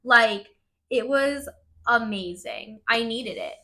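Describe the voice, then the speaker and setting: Podcast host, woman, bright forward voice, loose chatty storytelling full of "like" and the odd swear word. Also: on the high side, takes it slowly. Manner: casual, swears, lots of "like" fillers; open and emotional in the telling.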